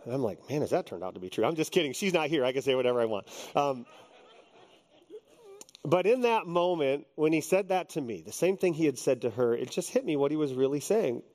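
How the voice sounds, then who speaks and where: A man's voice: fairly high pitch, expressive, brisk, darkish tone, in a large hall. A man in his fifties, a pastor preaching a sermon in a joking, conversational way. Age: 50s.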